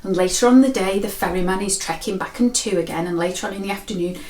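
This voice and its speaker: A woman's voice: mid-range voice, fast talker, a little mellow. A woman, a mind coach telling a story and explaining in a friendly, conversational way. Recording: roomy echo.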